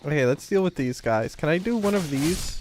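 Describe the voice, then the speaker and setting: A man's voice: a little high, animated, normal speed, background noise. A man streaming a game, chatting casually with his viewers in a joking, rambling, teasing way. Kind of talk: casual gameplay commentary.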